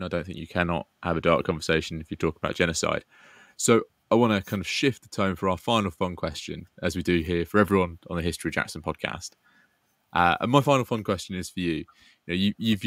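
Male podcast host, very low voice, measured and a bit halting in his questions. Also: no room sound, studio quality. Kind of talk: conversational interview hosting.

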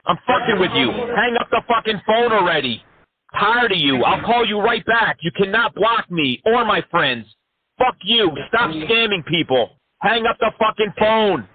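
A man's voice: high-pitched, animated, moderate pace. A man prank-calling phone scammers in a mocking, taunting way, swearing freely. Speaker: scam baiter. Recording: tinny phone line.

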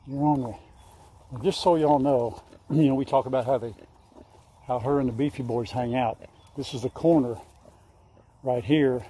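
Medium in pitch with a dark tone and a breathy edge, this older man's voice carries a casual outdoor farm vlog. He rambles and fondly coaxes his animals while faint insects and crickets chirp in the background.

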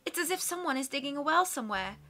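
A woman's voice: high-pitched, expressive, quick pace, pushed and bright, voice pushed up. A woman voicing a worried middle-aged female researcher in a raised voice.

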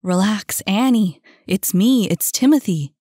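A woman voicing a steady young man who calms the others down. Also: mid-range voice, unhurried, dry recording, studio quality, natural voice. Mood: shouting.

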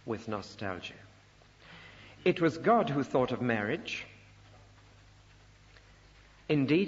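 An older man giving a Bible teaching sermon, emphatic and rising sharply on rhetorical questions. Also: mid-range voice. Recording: muffled recording in a reverberant hall.

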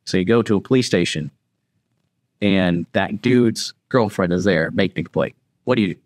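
A man's voice: sits low, moderate pace, dry recording. A man on a podcast telling a story casually, acting out the voices of the people in it. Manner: animated, acts out quoted voices. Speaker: podcast guest.

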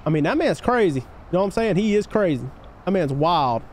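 A man live-streaming a game, chatting casually with his viewers and hyping up shout-outs to chat. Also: very animated, brisk, slight background noise. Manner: hyped shout-outs to chat, voice jumping high on greetings; laid-back, easygoing talk between shout-outs.

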